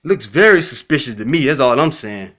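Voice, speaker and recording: A man's voice: medium pitch, expressive, fairly quick, a bit bright. A man talking casually and bluntly to his critics in a response video, repeating himself and cursing freely. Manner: blunt, repetitive, profane, addresses critics directly. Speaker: YouTube commentator.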